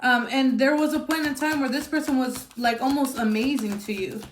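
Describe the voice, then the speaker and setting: A woman's voice: sits high, normal speed, slight background noise. A woman giving a casual tarot reading, blunt and emphatic, swearing freely and using lots of fillers. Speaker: tarot reader. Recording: echoey room.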